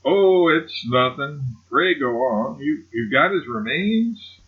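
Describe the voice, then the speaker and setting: A man reading an audiobook, voicing a polite, uneasy young gentleman who asks flustered questions, on a slightly muffled recording. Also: fairly high pitch, lively intonation, slow pace, voice pushed up. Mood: taken aback.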